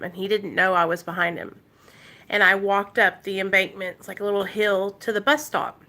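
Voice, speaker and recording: Bright-voiced woman vlogger. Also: mid-range voice. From Arkansas. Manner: emotional, talks straight to viewers. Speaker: recovery vlogger. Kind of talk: casual storytelling vlog.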